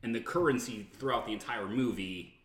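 A man's voice: on the low side, brisk, a crowd in the background. A man appearing as a guest on a podcast, chatting casually about films with many fillers. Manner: rambling, filler-heavy chat. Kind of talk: casual film discussion. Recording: roomy echo.

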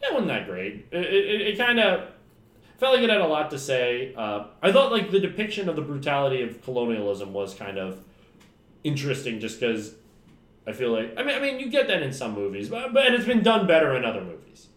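A man's voice: medium pitch, wildly swooping pitch, brisk, a bit bright. A man casually chatting about films as a podcast co-host, rambling, swearing often and laughing a lot. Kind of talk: casual film chat. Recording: roomy echo.

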